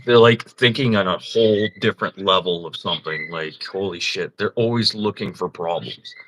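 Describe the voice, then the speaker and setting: His voice sits low and fairly bright, moving at a normal speed, over a rough recording with a little hiss or hum. A livestream host, he casually tells profane, rambling stories and laughs often.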